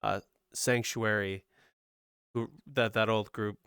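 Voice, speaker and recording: A man's voice: fairly low pitch, flat delivery, slow pace, a bit bright, clean tone, dry recording, clean studio sound. A man hosting a podcast, chatting casually and reassuring his guest. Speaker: podcast host. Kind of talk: casual chat.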